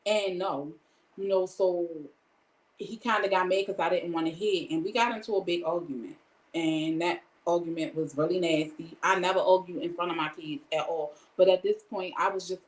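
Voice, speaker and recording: A woman's voice: on the low side, echoey room, poor audio. A woman giving a candid personal testimony in a casual way. She retells each exchange by quoting it and often speaks of God. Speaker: storyteller sharing a personal testimony.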